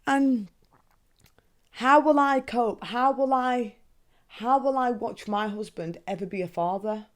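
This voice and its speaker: A young woman hosting a podcast, talking casually and candidly, swearing freely and asking herself questions out loud. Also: fairly high pitch, takes it slowly. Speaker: podcast host. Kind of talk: casual monologue.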